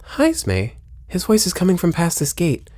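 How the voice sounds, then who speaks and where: A man commenting on a video game as he plays, joking and reading lines aloud, with loud exclamations and low mutters. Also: normal speed, no room sound. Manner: lively, jokey, swings between loud exclamations and low mutters. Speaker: gameplay streamer.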